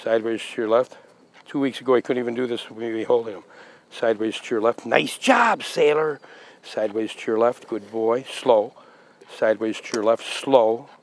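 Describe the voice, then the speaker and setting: A man's voice: medium pitch, moderate pace, low-quality recording. Man calling commands to a dog. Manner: repeated short commands and praise to a dog; casual explaining between commands. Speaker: dog trainer. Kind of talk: dog training demonstration with commentary.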